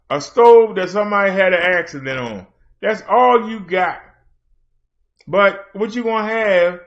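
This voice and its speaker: A man's voice: high-pitched, a bit bright, dull audio. A man hosting a late-night livestream, challenging and mocking an absent critic. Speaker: livestream host.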